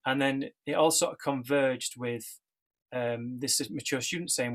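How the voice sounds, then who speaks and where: A man's voice: mid-range voice, normal speed. A middle-aged man, sharing his life story casually, rambling with many fillers and restarts. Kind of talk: casual personal testimony.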